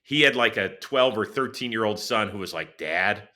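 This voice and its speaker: A man hosting a casual sports interview, animated and joking as he prompts his guest. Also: on the low side, fairly quick. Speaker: podcast host.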